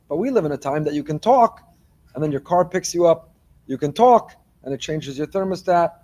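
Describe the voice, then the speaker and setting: A man, a rabbi, giving a morning Torah class with lively delivery and joking asides to his listeners. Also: fairly high pitch, brisk. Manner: animated, joking asides to the congregation.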